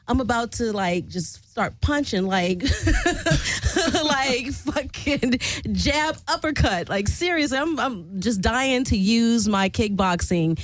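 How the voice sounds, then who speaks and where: A fairly high-voiced woman tells a story in a loose, chatty way, swearing freely and jumping up in pitch whenever she acts out a quote. The sound is dry and close to the mic, with no room around her. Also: takes it slowly, no room sound, rough recording. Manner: animated, profane, acts out quotes with big pitch jumps. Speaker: podcast host. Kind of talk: casual storytelling.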